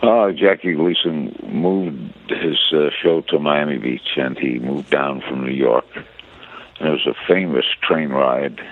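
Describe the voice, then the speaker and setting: A man in his eighties, a veteran broadcaster, telling stories at an unhurried pace with frequent fillers. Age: 80s. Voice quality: very deep voice. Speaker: interview guest, veteran broadcaster. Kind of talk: storytelling reminiscence. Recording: tinny phone-line audio.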